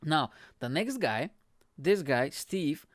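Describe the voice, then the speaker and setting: A man hosting his own show, talking in a casual, rambling and animated way, swearing and laughing often. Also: on the high side, slow, no room sound, clean studio sound. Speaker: podcast host. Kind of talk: casual solo commentary.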